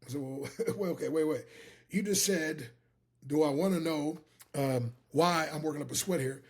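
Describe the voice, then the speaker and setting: A middle-aged man giving an energetic motivational talk, repeating his words and calling the listener "my friend". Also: fairly high pitch, moderate pace, breathy edge. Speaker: motivational speaker.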